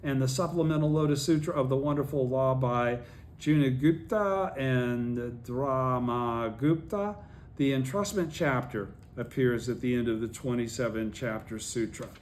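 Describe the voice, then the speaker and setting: A man's voice: medium pitch, unhurried, a little mellow. Man leading a study group, faint hiss. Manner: checks in with listeners often, many fillers. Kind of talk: reading aloud and explaining a text to a study group.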